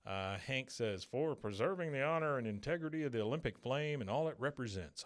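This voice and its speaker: Podcast co-host, man, casual recap, breaks into quick character voices. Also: medium pitch, expressive. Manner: retells scenes, briefly acting out the characters' lines. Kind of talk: casual chat recapping a cartoon episode.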